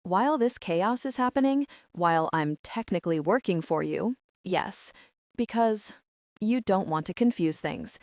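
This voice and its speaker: A guarded, grumpy man speaks in measured, careful words, read by a woman narrator. Her voice stays middling in pitch, and the recording is dry and close. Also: expressive, dry recording. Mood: earnest. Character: guarded grumpy male agent, earnest.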